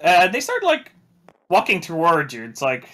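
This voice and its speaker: Lively halting male game master. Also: on the high side. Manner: halting, full of fillers and restarts. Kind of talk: narrating a tabletop game.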